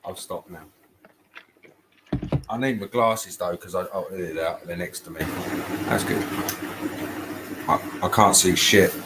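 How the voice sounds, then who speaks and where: A man's voice: sits low, slow pace, long pauses, very noisy. A man calling in to a casual chat, rambling and making crude jokes. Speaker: guest caller.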